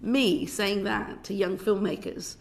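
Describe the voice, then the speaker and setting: Middle-aged british woman testifying to a committee, passionate, restarts a lot, bit of fry in her voice. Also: medium pitch, fairly even intonation, slow pace. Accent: British English. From Britain. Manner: passionate, emphatic, with many restarts. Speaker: film director giving evidence. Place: committee room.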